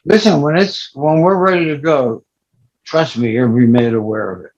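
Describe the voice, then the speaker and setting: An older man, an actor and guest, talking in a low-key, halting way with many pauses in a casual interview. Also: darkish tone, dull audio.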